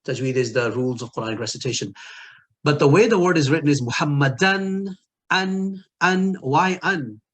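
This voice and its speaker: Male language teacher, mid pitch, recorded lecture, patient and repetitive, asks questions. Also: fast. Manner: explains patiently, repeats key words, asks the listener questions. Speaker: Arabic linguistics teacher.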